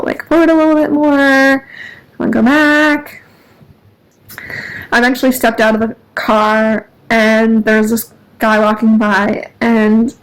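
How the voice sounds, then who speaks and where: High-voiced chatty woman vlogger. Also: low-quality recording. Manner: chatty, laughs often, rambling with many fillers. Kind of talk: casual vlog chat. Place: in a parked car.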